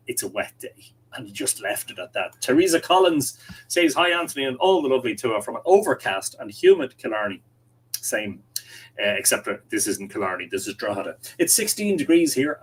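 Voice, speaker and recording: A man's voice: mid-range voice, breathy edge, poor audio. An Irish man hosting a casual livestream from home, reading out viewer comments and chatting back to them. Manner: chatty, reads comments aloud and replies. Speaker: livestream host. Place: home room with window open. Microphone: desk microphone, adjusted during stream.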